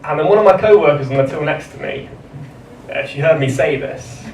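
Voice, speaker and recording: Male stand-up, slightly high voice, flat deadpan timing, live club recording with room echo. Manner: dry, deadpan delivery with measured pauses. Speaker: stand-up comedian. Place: comedy club stage with laughing audience. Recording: roomy live club sound from a distance, audience noise.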